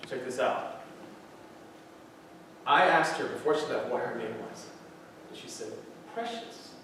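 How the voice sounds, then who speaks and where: A man in his thirties, a motivational speaker, tells a personal story to high school students in an earnest way. He uses dramatic pauses, and his voice often sinks low and quiet. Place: large school hall. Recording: echoey hall, distant mic, faint hiss.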